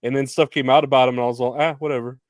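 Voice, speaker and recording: A man's voice: mid-range voice, little pitch movement, rapid-fire, no room sound, clean studio sound. A man hosting a podcast interview, chatting in a rambling, hesitant way with lots of fillers. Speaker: podcast host. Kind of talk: casual interview chat.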